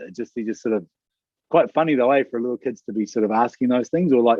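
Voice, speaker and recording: A man co-hosting a podcast, telling animated stories and acting out what other people said. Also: medium pitch, fast, dry recording, dull audio. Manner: animated storyteller who acts out other people's lines. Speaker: podcast co-host. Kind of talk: casual podcast storytelling.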